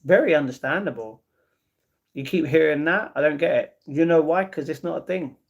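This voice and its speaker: A man's voice: on the high side, moderate pace, creaky, lo-fi sound. A man hosting a casual livestream, reading viewer comments aloud and answering them with easygoing replies. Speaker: livestream host.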